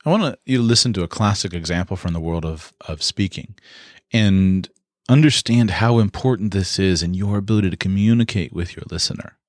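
A man with a fairly low voice delivers an instructional talk, explaining points step by step in a measured, deliberate way. The sound is dry and close, with little room reflection. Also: dry recording. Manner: measured, explanatory, with occasional fillers.

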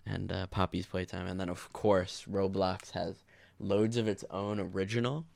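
A man's voice: low-pitched, level tone, normal speed, gravelly, a little mellow, no room sound. A man co-hosting a podcast in casual chat, rambling and profane, going off on tangents. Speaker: podcast co-host.

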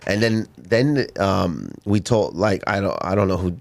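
A comedian casually telling a story on a podcast, rambling with many fillers and acting out the people in it. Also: male voice, low voice, lively intonation, a little slow, creaky. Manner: rambling, lots of "like", acts out voices in stories. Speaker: comedian guest. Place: podcast studio.

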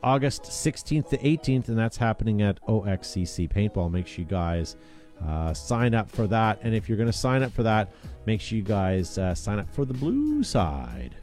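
A man's voice: on the low side, very animated, normal speed, darkish tone, faint music behind. A man hosting a casual chat show, talking in an upbeat, rambling way with plenty of fillers. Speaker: podcast host.

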